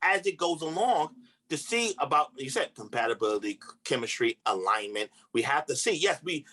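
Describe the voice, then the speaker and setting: A man's voice: fairly high pitch, animated, brisk, bright, forceful tone. A man, a relationship coach, giving earnest advice in casual podcast chat with everyday slang.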